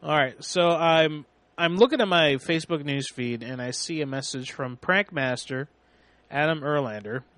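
A man's voice: on the high side, normal speed, a bit bright, dry recording. A man hosting a casual talk show, rambling with many restarts and laughs. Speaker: podcast host. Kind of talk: casual radio chat.

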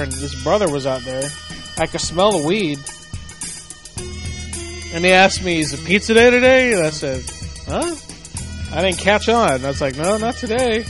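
A man's voice: a little high, a bit bright. A man hosting a casual late-night show, rambling and telling stories in a laid-back way. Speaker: show host.

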